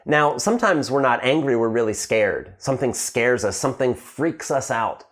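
A man's voice: mid-range voice, lively intonation, moderate pace, fairly bright tone. Man teaching slang, repeating "right?". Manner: repeats "right?", acts out example lines. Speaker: English teacher. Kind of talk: slang lesson to camera.

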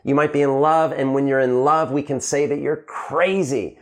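A man's voice: fairly high pitch, normal speed. Man teaching slang, repeating "right?". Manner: repeats "right?", acts out example lines. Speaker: English teacher. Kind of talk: slang lesson to camera.

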